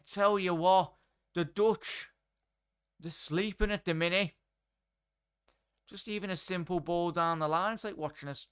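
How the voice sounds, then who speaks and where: A man's voice: fairly high pitch, fairly bright tone, clear, resonant tone. A man hosting a live football watchalong, chatting with viewers as he calls the play. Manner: chatty, addresses chat and viewers by name. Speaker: watchalong host.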